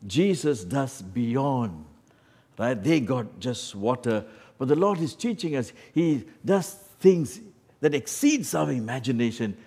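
A man preaching a sermon in a church, moving between loud emphatic lines and quiet asides, often saying "you know" and "my friend.". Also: medium pitch, expressive, takes it slowly, husky. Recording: long hall reverb.

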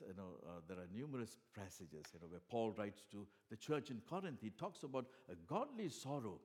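A man delivers a sermon in a somewhat low voice. He talks earnestly, stumbling over restarts and fillers, then swells loudly on the words he wants to stress. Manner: earnest, many fillers and restarts, swings from soft to loud emphasis. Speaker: preacher.

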